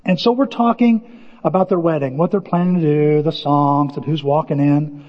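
A male pastor preaching a storytelling sermon, conversational and animated, acting out bits of dialogue. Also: on the high side, normal speed. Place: church sanctuary. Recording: dull lo-fi church hall recording.

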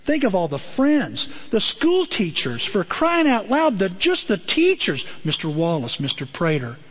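A man giving a lively motivational talk to a group, calling on listeners by name. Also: high voice, measured pace, husky, muffled recording. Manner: animated, addresses listeners by name.

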